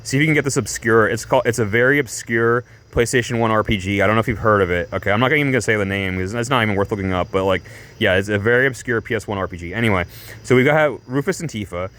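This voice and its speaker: A man vlogging, telling a story casually in a rambling way, full of fillers and restarts, animated and breaking into laughs. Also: lowish voice, fast talker.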